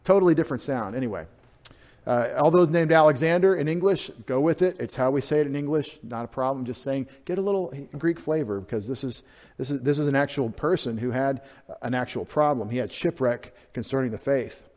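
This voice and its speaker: A male pastor delivers an expository sermon, talking through the text in an easy, conversational way. He lifts his voice sharply for emphasis now and then. The sound carries a long church reverb at a mid pitch. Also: a little fast, a little mellow. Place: church sanctuary.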